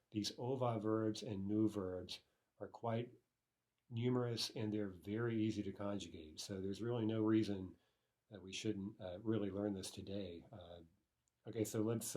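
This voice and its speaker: A man walks through a grammar lesson in a lowish, mellow voice, checking in with listeners by asking "right?" and "okay". He slows down carefully whenever he sounds out example word forms. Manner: explanatory, frequent "right?" and "okay". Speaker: language teacher.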